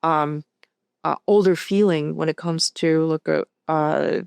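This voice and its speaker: A woman film director speaking as a guest in a casual interview, thinking aloud in a halting way with many restarts. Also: deep voice, steady tone, gravelly, a little mellow, clear, resonant tone, no room sound, clean studio sound. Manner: thoughtful, halting, full of "like" and restarts.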